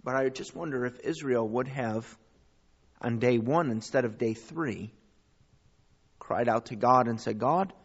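A man preaching a sermon as pastor, rising to loud, high calls and dropping to quiet asides. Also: a little slow, pauses often, muffled recording. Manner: preaching with big swings in pitch and loudness.

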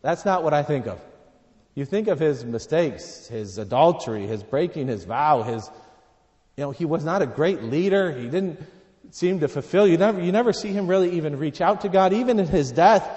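A man preaching a sermon, reading scripture aloud and swinging between quiet, low passages and loud, emphatic ones. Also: lively intonation, moderate pace, long reverb tail, dull audio.

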